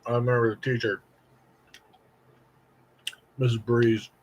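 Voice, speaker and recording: A man's voice: medium pitch, measured pace, breathy edge, highs cut off. A man in his late thirties from Indiana, telling a long, rambling childhood story as a candy review host. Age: late 30s. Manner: rambling, animated, acts out quoted voices. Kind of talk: casual storytelling to camera.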